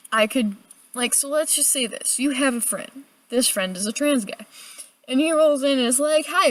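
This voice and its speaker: A young adult woman giving a casual, chatty video review, animated and full of filler words. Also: fairly high pitch, no echo. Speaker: book reviewer.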